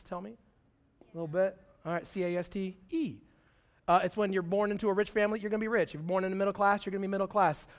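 A young man preaching a sermon in a casual, animated storytelling way, full of slang and acted-out quotes. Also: high voice. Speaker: pastor.

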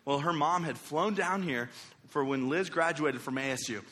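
A man's voice: on the high side, moderate pace, a bit bright. A man in his thirties telling a goofy, self-deprecating story as a youth pastor, in a church hall. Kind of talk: storytelling sermon. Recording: echoey hall.

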